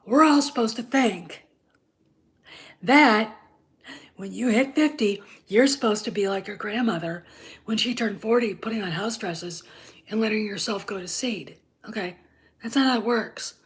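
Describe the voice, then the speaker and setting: A woman in her fifties delivers an angry rant on her own channel, swearing freely and dripping with sarcasm. She often sinks into a hushed whisper, then punches a point with a pointed "okay?". Her pitch sits at an ordinary middle height for a woman. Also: a little slow. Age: 50s. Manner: emphatic, repeats "okay?" for emphasis. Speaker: channel host and TV critic. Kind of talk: ranting commentary.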